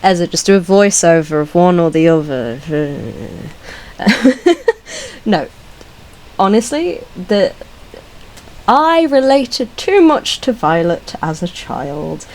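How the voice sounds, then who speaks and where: A young British woman hosting a casual ranking video, talking in a scattered, swearing, laughing way and now and then breaking into squeaky voice stims. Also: a little mellow, a little hiss or hum, low-quality recording. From Britain. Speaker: video host. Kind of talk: casual solo ranking chat.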